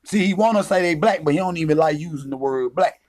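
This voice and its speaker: Male vlogger, slightly high voice, angry profane rant full of taunts. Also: fast, a little mellow. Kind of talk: confrontational rant.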